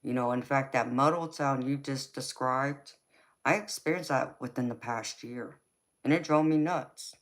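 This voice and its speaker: A woman's voice: extremely low pitch, unhurried. A woman with a Southern US accent, a tarot reader chatting through a live reading, reassuring and loose, with lots of "you know". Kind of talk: live-stream tarot reading, answering chat.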